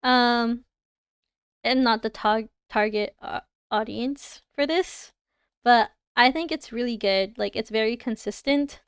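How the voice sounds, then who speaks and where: A young woman with a Canadian accent reviews design work on a livestream, chatting casually and giggling as she reacts to viewers. Her fairly high voice is clear and resonant and she takes it slowly, in clean studio sound with no room sound.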